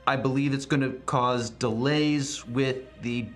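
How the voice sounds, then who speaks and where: A man playing a tabletop roleplaying game, speaking with a deadpan manner. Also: mid-range voice, a little slow, soft background music. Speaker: player.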